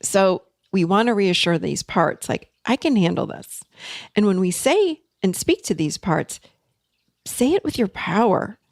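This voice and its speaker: Woman therapist host, earnest coaching tone, middle pitch, dry close sound. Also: sing-song, gravelly, dry recording. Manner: earnest, coaching, speeds up and slows down. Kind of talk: teaching podcast talk.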